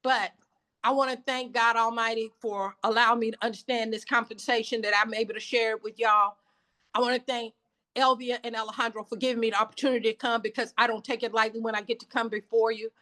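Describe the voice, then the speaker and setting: Emphatic bright-voiced woman trainer. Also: on the high side, flat delivery, fast. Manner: emphatic, repetitive, preacher-like. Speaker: sales trainer. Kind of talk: motivational training talk on a video call.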